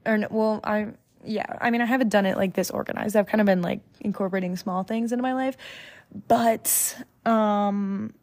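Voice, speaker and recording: A woman's voice: mid-range voice, steady tone, moderate pace, darkish tone. A young woman from the United States hosting a solo podcast in a casual, chatty way, full of fillers and self-corrections. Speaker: podcast host.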